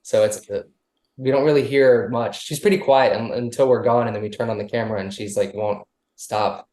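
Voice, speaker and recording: A man's voice: medium pitch, steady tone, fairly quick, mellow. A man guesting on a casual podcast, loose and rambling with many restarts. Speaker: musician guest. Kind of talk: casual interview chat. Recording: roomy echo.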